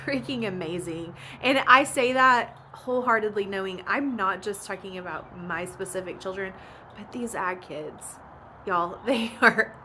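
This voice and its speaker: A woman's voice: mid-range voice, bright, forceful tone, slight background noise. A woman, chatting casually about family life and laughing often. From Oklahoma. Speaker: vlogger and ranch mom. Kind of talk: casual chat.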